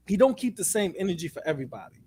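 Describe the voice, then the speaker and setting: A man in casual chat, animated and profane, acting out other people's lines as he talks. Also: high voice, very fast, breathy edge. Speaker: co-host.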